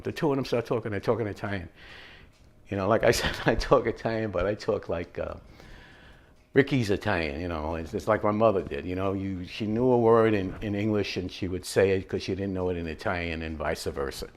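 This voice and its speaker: A man hosting a home cooking show, chatting in a rambling, relaxed way as he tells stories while he cooks. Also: on the low side, brisk, creaky. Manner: relaxed, mellow. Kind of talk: casual cooking demonstration with anecdotes.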